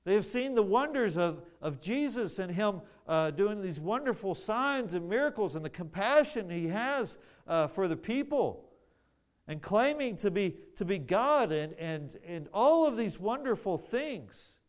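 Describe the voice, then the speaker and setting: A man's voice: high-pitched, sing-song, unhurried. A man preaching a sermon, earnest, often repeating words as he searches for the phrasing.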